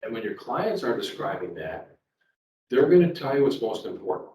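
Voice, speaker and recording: At a live seminar, a middle-aged sales trainer tells personal stories in a sing-song, fairly low voice at a moderate pace, conversational and prone to repeating words. It was recorded with a distant mic in an echoey room, with a noisy background and faint ambience.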